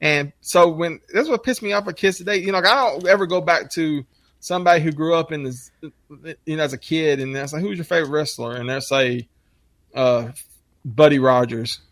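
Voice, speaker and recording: A man with a fairly high, bright voice and a slight speech impairment tells rambling, profane stories in casual podcast chat. He keeps restarting his sentences as he goes, and the sound is dry and close. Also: fairly quick, no room sound. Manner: rambling storyteller, frequent restarts, swears a lot. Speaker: podcast co-host, father.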